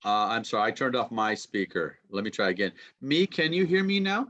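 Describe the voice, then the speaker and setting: This man, a university lecturer, speaks a little fast in a lowish, fairly bright voice with lively intonation. His online pronunciation lecture comes through a computer mic on a video call, the audio dull, and he keeps it chatty, saying "okay" often and checking on his listeners.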